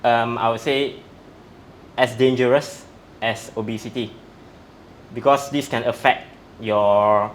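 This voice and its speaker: A man's voice: mid-range voice, fairly even intonation, slow, long pauses, a little hiss or hum. A man, a strength coach, explaining in an interview in a methodical, step-by-step way. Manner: methodical, breaks facts down step by step.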